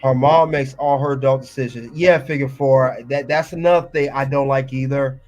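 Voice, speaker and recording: A man's voice: mid-range voice, fairly even intonation, moderate pace, darkish tone, muffled recording, faint music behind. Ranting man reacting to a clip. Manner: fired up, ranting and scolding. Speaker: reaction video host.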